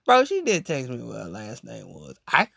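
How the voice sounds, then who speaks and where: A young man telling a story in a casual podcast monologue, animated and slangy, saying "bro" constantly. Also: mid-range voice, moderate pace, creaky, slightly rough, dry recording, clean studio sound. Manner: animated and slangy, every phrase ending on "bro".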